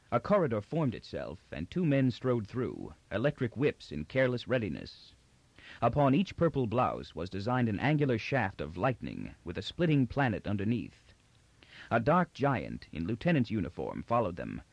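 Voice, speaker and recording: A man reading a novel aloud with an expressive, theatrical delivery. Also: mid-range voice, vocal fry, dry recording. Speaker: audiobook narrator. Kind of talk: scripted narration. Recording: dull dry audiobook recording.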